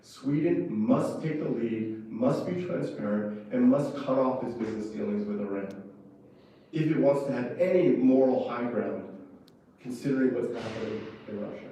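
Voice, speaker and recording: Speaking at a normal pace in a mellow, dark mid-range voice, a former ambassador delivers a fiery conference speech in a conference room, pressing every point fervently. He is picked up from far off in a heavily echoing hall, with a slight hiss or hum.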